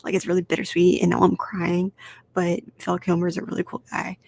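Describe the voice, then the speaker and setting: A woman hosting a casual solo podcast, animated and swearing freely as she rambles through film rankings. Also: on the low side, a little fast, gravelly. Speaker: podcast host.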